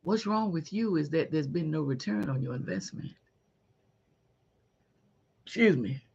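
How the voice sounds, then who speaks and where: A middle-aged woman hosting a podcast, giving a faith-based motivational talk in a folksy, animated way and calling listeners honey. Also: low voice, measured pace, vocal fry, breathy edge, dull audio. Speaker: podcast host.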